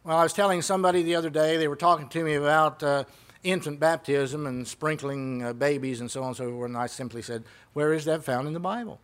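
A man's voice: fairly high pitch, steady tone, quick pace, a bit bright, smooth. A man preaching a sermon in a conversational way, retelling conversations and asking the congregation rhetorical questions.

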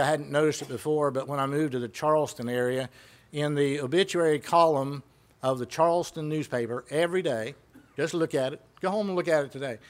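Male preacher, somewhat high voice, chatty sermon full of questions to the flock. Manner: conversational, retells exchanges and asks rhetorical questions.

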